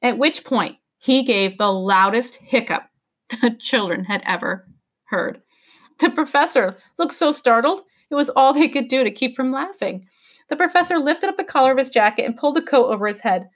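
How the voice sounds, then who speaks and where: A woman teacher reading a novel aloud to her class with expressive storytelling delivery. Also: sits high, normal speed.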